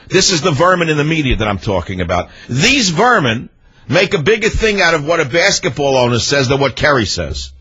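This talk radio host has a fairly high, sing-song voice with a sharp, slightly rough edge, and he talks briskly. Indignant and spoiling for a fight, he repeats his points over and over through his monologue and calls, all heard in muffled, lo-fi radio sound.

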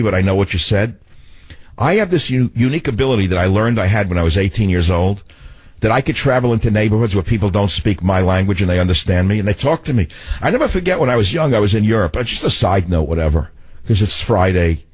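A man's voice: on the low side, a little mellow, slightly rough, dry recording. Sardonic older male radio host. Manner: rambling, sardonic storytelling. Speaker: radio talk show host. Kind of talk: talk radio monologue.

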